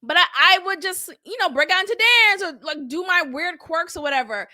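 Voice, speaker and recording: A young adult woman hosting a casual, animated recap of a reality show, acting out quotes and laughing often. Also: very high-pitched, brisk.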